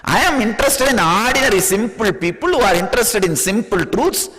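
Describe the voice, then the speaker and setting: An Indian-accented man teaching a spiritual discourse in a high voice that swoops up and down as he talks. He teases his listeners with rhetorical questions and laughs often. His voice trails off into a long hall reverb. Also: expressive, fairly quick, fairly bright tone.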